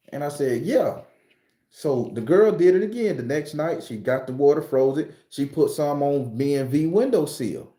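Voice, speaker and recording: A man from southern Florida telling a true spooky story in a loose, profane, animated way, acting out the voices he quotes. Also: fairly high pitch, echoey room. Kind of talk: casual spoken storytelling.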